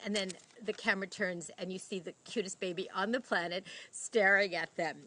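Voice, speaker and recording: Woman film-review host at a medium pitch, chatty and effusive, rambles. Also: steady tone, moderate pace, bright, forceful tone, a little hiss or hum. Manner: gushing, chatty, rambling with many fillers.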